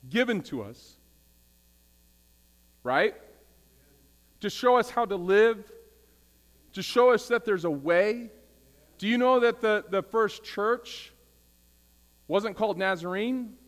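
A man, the senior pastor, preaching a casual, energetic sermon and trading call-and-response with his congregation. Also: high-pitched. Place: church sanctuary. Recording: long hall reverb with mains hum.

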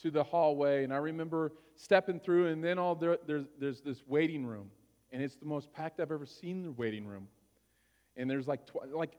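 A man's voice: fairly high pitch, big-room sound. A male pastor telling a personal story during a sermon, conversational and often checking in with his listeners.

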